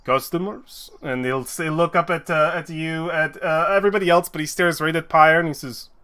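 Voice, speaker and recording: A man narrating as game master in a tabletop game, animated and full of fillers. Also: fairly high pitch, brisk, clear, resonant tone.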